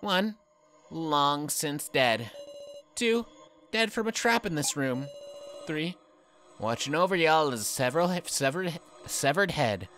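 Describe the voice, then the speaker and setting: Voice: mid-range voice, animated, measured pace, a bit bright, soft background music. A let's play voice actor playing a smug, taunting captor who mocks the other characters in a game. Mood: mocking. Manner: mocking, singsong quiz-show teasing.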